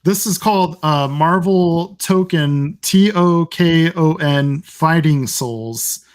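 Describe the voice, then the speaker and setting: A man chatting casually on a gaming podcast, his voice a little higher than average. He talks slowly and pauses to hunt for the right word. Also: clean tone. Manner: unhurried, searches for words. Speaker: podcast co-host.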